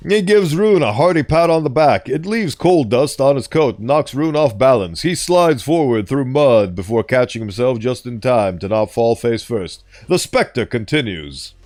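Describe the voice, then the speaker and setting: A man's voice: mid-range voice, expressive, moderate pace, few pauses, a little mellow. A man reading stories and chatting on a live stream, playful and self-correcting.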